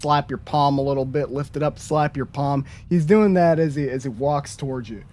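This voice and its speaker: A man's voice: on the high side, normal speed, darkish tone. A man narrating as game master at a tabletop game, in a casual, hesitant way.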